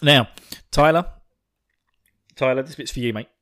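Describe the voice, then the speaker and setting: A man hosting a podcast, chatting in a rambling, excitable way with laughs and swearing. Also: medium pitch, moderate pace. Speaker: podcast host. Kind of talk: casual podcast chat.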